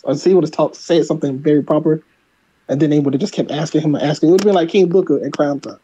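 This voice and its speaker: A man's voice: fairly high pitch, racing, mellow, slightly rough, lo-fi sound. A man with a Philadelphia accent co-hosting a casual review chat, rambling with lots of restarts and fillers. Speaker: podcast co-host.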